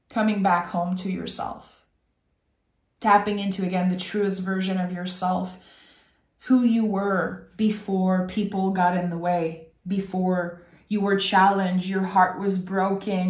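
Female tarot reader, mid pitch, effusive and teary, addressing viewers directly; roomy echo. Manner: effusive, talks straight to the viewer. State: emotional, close to tears. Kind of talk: tarot reading to camera. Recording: echoey room.

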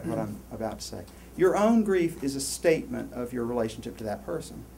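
A man giving a university lecture, rambling and animated, with many restarts and asides to the class. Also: fairly high pitch, a little hiss or hum. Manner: animated, rambling, lots of self-interruptions. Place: lecture hall.

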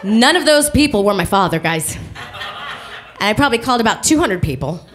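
A woman performing live stand-up comedy, telling a story with lively delivery and acting out other voices. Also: mid-range voice, moderate pace. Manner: animated storytelling, acts out voices. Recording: live show with faint noise.

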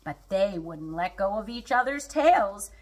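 A woman reading a children's storybook aloud in an expressive, unhurried way. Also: mid-range voice.

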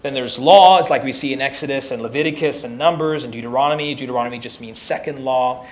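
A man's voice: mid-range voice, fast talker. A young man teaching as a youth pastor in a casual, joking way, often repeating words as he restarts sentences. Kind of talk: casual teaching talk to teens.

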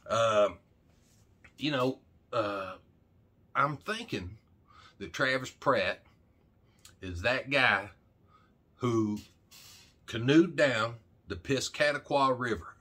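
A man's voice: medium pitch, slow, pauses often, sharp tone, husky. A middle-aged man from Arkansas, chatting casually and rambling as the host of his own vlog, folksy and jokey. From Arkansas, USA. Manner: folksy, jokey, talks straight to camera with a lot of "man". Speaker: channel host.

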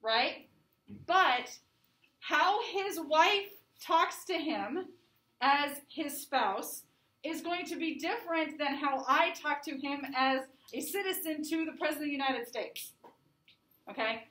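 A woman with a high-pitched, somewhat bright voice takes her time as she teaches a lecture. Her style is conversational, with frequent "right?" and "okay?" check-ins, and the echoey room makes her sound far from the microphone.

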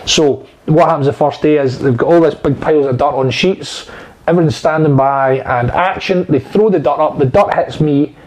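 A man, talking loosely and profanely about his acting work, circling back through his stories with lots of fillers. His voice sits a bit on the high side for a man. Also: moderate pace, a little mellow, poor audio. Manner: rambling, profane storyteller with many fillers. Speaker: actor guest. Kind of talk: casual anecdotal chat.

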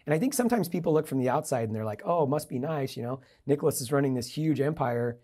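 A man's voice: medium pitch, animated, fast talker, dark tone. A middle-aged man, a podcast guest, telling a personal business story and acting out the dialogue. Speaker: guest, entrepreneur and investor.

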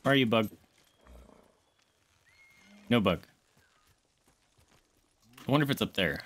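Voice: mid-range voice, animated, slow, fairly bright tone. A game streamer chatting casually on a live stream, often cooing baby talk at a pet dog between gameplay remarks.

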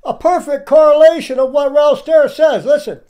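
Male commentator, preaching tone, calls out to his listeners often, fairly high voice. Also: moderate pace, warm tone. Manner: emphatic, keeps addressing the audience as "people". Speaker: religious commentator. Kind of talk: preaching commentary over clips.

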